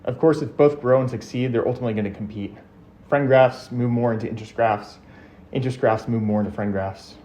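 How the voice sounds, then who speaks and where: A man's voice: mid-range voice, fairly even intonation, brisk, a little mellow, slight background noise. A man talking while riding a bike, slightly out of breath, sharing opinions in a casual chat.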